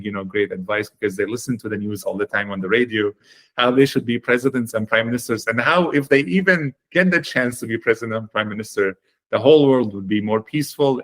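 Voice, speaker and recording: A man guesting on a podcast interview, telling his story in an earnest, animated way with plenty of fillers. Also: medium pitch. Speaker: guest, chocolate company founder.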